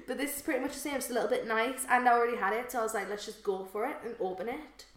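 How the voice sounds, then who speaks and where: A woman's voice: fairly high pitch, racing, roomy sound. A woman, co-hosting a podcast in casual chat, telling stories and laughing often. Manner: chatty storyteller, laughs often. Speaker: podcast co-host.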